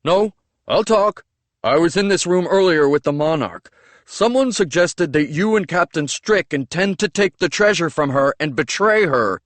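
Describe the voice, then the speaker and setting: A sly young man posing as a meek servant, with a high, swooping voice and a different timbre, as a male audiobook narrator plays him. He sounds humble but crafty. The reading is dry and close. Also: sing-song, unhurried, fairly bright tone, no echo. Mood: urgent. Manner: falsely meek and deferential.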